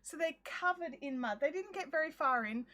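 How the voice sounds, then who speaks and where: A woman tells a funny story to her livestream viewers from her craft shed, acting out what everyone said. Her voice sits high and sounds bright and forward. She talks casually and chattily through a phone. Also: brisk. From Australia. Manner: chatty and animated, acts out her own quotes.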